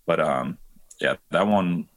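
A man's voice: sits low, slow pace. A man in a band chatting casually on a podcast about writing the lyrics, laid-back and swearing freely.

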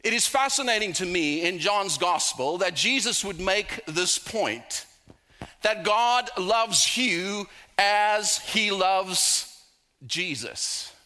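Male preacher, middle-aged, high bright voice, storytelling with jokes. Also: lively intonation. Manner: storytelling, humorous asides, slows for emphasis. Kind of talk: sermon with personal stories.

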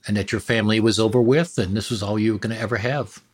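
A man who is a physician, a guest on a podcast interview, telling stories with relaxed, wry self-deprecating humor. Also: fairly low pitch, fast, breathy edge.

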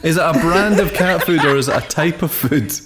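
A man's voice: fairly high pitch, a little fast, a loud crowd. A man co-hosting a podcast, teasing and asking quizzical questions in casual banter. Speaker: podcast co-host.

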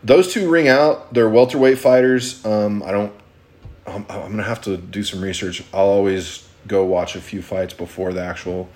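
A man's voice: low-pitched, steady tone, moderate pace, dark tone. A man co-hosting a casual podcast, rambling with plenty of ums and restarts. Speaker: podcast co-host.

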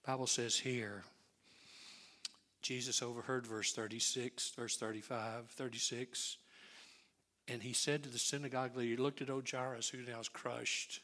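A male pastor preaching a sermon, telling the story with lively swings and dropping to near-whispers. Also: medium pitch, normal speed. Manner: animated storyteller who drops to near-whispers.

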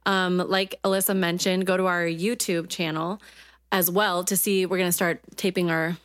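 A woman's voice: on the low side, flat delivery, moderate pace, no echo, studio quality. A woman co-hosting a podcast in casual chat, wry and jokey. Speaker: podcast co-host.

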